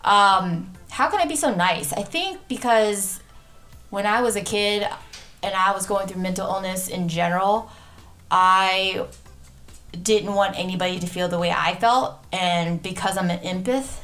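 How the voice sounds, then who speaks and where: A woman's voice: mid-range voice, unhurried, a bit bright, soft background music. A woman in her thirties hosting a podcast, talking frankly in a rambling, casual way, with many restarts and the odd swear. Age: 30s. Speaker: podcast host. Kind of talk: candid casual monologue.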